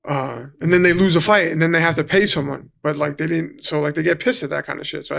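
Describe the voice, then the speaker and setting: A man's voice: fairly high pitch, steady tone, quick pace, vocal fry, hardly any pauses, fairly bright tone. A man from New City, a guest telling his story casually, swearing freely and acting out what others said. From New York City. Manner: swears freely, acts out quotes. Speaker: guest, professional fighter.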